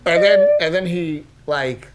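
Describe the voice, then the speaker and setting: A middle-aged man, a comedian and podcast host, telling a story in casual chat, animated and swearing freely. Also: on the high side, unhurried, very noisy. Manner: animated, swears freely, laughs through acted quotes.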